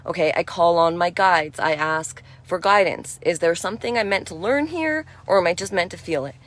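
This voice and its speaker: A woman giving a spiritual energy talk in a gentle, reassuring and affirming way, chatty with frequent "you know". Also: on the low side, moderate pace. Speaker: spiritual speaker.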